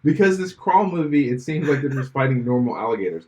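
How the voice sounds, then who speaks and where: A man's voice: medium pitch, very animated, fast, a little mellow. A man co-hosting a podcast in casual chat, rambling with lots of fillers and restarts and laughing often. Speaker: podcast co-host.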